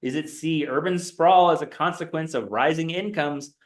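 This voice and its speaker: A man's voice: a little high, moderate pace. A male instructor running a classroom review quiz, reading out multiple-choice options in a quiz-show rhythm.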